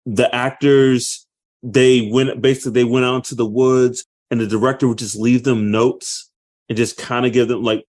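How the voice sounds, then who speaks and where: A man in his thirties co-hosting a casual podcast chat, talking in an animated way and bursting into loud acted quotes. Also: medium pitch, normal speed. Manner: animated, acts out movie quotes with loud outbursts. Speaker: podcast co-host.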